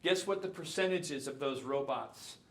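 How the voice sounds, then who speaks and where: Animated man in his fifties, echoey hall. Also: mid-range voice, normal speed. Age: 50s. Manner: animated, jokey, addresses the audience. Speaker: keynote speaker. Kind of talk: conference talk. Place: lecture hall.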